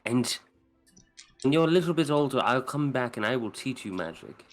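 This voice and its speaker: Gentle tabletop player. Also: mid-range voice, lively intonation, moderate pace, soft background music. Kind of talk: playing a character in a tabletop game.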